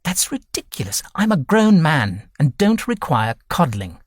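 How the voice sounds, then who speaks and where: A man's voice: mid-range voice, expressive, moderate pace, slightly rough, no room sound, clean studio sound. A man voicing a proud young man who speaks curtly and indignantly. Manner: curt, indignant.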